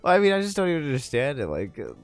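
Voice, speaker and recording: A man's voice: on the high side, huge pitch swings, very fast, faint music behind. A man co-hosting a casual gaming chat, joking and teasing, rambling with lots of fillers. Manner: joking, teasing, laughs often. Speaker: let's play co-host.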